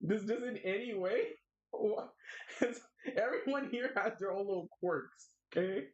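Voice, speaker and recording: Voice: medium pitch, measured pace. An adult streamer chatting casually while drawing, playfully whining and laughing a lot. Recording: dull lo-fi mic.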